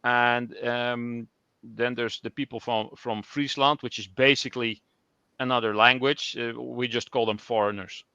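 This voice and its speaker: A man's voice: medium pitch, fairly even intonation, measured pace, pushed and bright, smooth, no echo. A man from the Netherlands, talking with dry humor and some hesitation on a live chat. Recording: dry, dull lo-fi sound.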